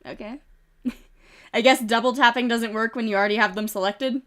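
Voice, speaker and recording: Woman game streamer, congested with a cough, slightly high voice, casual giggly commentary into a desk mic. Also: steady tone, a little fast, fairly bright tone. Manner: reads game events aloud with chatty asides and giggles. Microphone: desk microphone.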